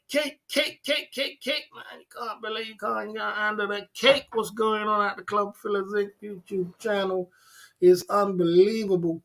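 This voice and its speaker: Host, male, tipsy, excitable livestream patter with repeated catchphrases, pitched high. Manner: hyped, repeats catchphrases, laughs often. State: tipsy from drinking. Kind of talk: late-night livestream chat.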